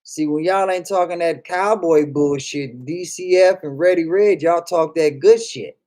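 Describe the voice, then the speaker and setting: Guy streamer, kinda high voice, slow lazy talk, joking and cussing at chat. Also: dark tone. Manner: joking, profane, reads chat aloud. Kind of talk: casual chat.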